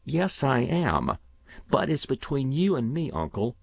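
An earnest, grave young boy who confides his secrets, as a man reads him in an audiobook. The voice is lifted and lively in pitch with a gravelly edge. The recording is dry and a little dull. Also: a little slow, no echo, heavily acted. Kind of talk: audiobook reading.

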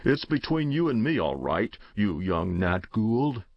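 A man's voice: on the low side, very animated, measured pace, no echo, heavily acted. A man doing a hearty, teasing uncle. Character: jovial amused middle-aged uncle, hearty and teasing. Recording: dull dry lo-fi recording.

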